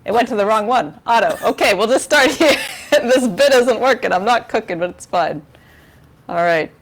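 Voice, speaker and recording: Hosting a charity stream from her kitchen at home, a woman talks casually into a lavalier mic, giggly, rambling and self-mocking. Her fairly high voice is animated, with a moderate pace.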